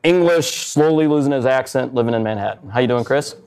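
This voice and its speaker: Fairly quick and medium-pitched, this man's voice has a darkish, clear, resonant tone as he hosts a live stage show. A podcast host, he keeps the audience in the event space laughing with upbeat banter, captured in a muffled live recording.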